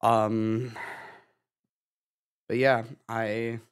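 A young man giving a halting personal update to his channel, sighing and restarting his sentences, tearful from crying. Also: fairly low pitch, flat delivery, smooth. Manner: halting, with many restarts and sighs. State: tearful, having been crying. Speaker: gaming YouTuber.

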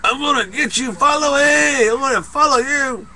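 A man's voice: extremely high pitch, moderate pace, pushed and bright, voice pushed up, heavily acted. A young man playing a tough but sentimental male ex-convict, ending lines with a drawled "eh?". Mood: boastful. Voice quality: drawls tag "eh?" after lines. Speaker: comedy performer. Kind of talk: improvised comedy skit.

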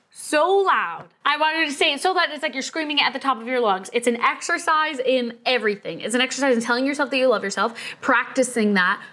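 A woman's voice: a little high, a bit bright. A young adult woman hosting her own vlog, talking in a bubbly, enthusiastic and encouraging way. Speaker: vlog host. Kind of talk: upbeat motivational vlog talk.

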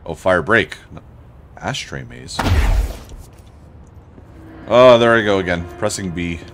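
A man's voice: low-pitched, slow pace, vocal fry, fairly bright tone, a little hiss or hum. A young man commenting casually on his gameplay, thinking aloud and swearing often. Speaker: let's play gamer.

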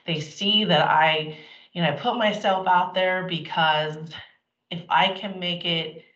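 A middle-aged woman speaks to a crowd in an event hall, candid and emphatic, voicing other people's words as she goes. Her voice sits at a mid pitch and carries a roomy echo. The recording is dull and lo-fi. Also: fairly even intonation, slow, fairly bright tone. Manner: candid and emphatic, acting out quotes. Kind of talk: motivational talk.

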